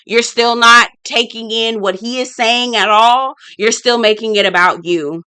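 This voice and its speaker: Woman reality-TV reviewer, sassy and blunt, swears freely, bright tone, dry close mic. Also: fairly high pitch, fairly even intonation, unhurried, clear, resonant tone, dry recording. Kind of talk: casual commentary.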